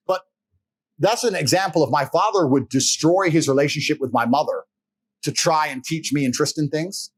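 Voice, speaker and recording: A man raised in England, a guest in an interview, telling personal stories in a blunt, profane, animated way. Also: a little high, moderate pace, husky. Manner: animated, blunt and profane, acts out quoted voices. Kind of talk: fast personal storytelling in conversation. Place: interview set.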